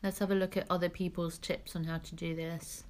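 A woman's voice: fairly low pitch, little pitch movement, fairly quick. A woman co-hosting a podcast, chatting casually and giggling as she goes. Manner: laid-back, giggly, chatty. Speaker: podcast co-host. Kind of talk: casual chat.

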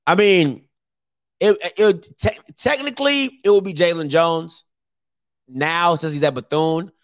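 A man's voice: fairly high pitch, unhurried, no echo, studio quality. A man hosting his own YouTube show, chatting casually and teasing viewers, with lots of fillers. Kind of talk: casual live-stream talk.

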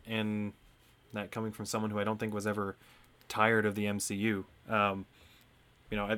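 A man in a casual podcast chat, speaking earnestly and haltingly with many ums. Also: lowish voice, a bit bright.

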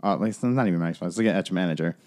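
Young guy, podcast co-host, lower voice, loose casual storyteller who swears and rambles with fillers. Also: rapid-fire, a little mellow. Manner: rambling, profane, lots of fillers and "like".

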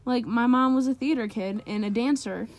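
A woman's voice: a little high, normal speed. A teenage girl co-hosting a casual chat, bubbly and full of "like" and slang. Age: teens. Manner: bubbly, lots of "like", playful slang. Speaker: podcast co-host, daughter.

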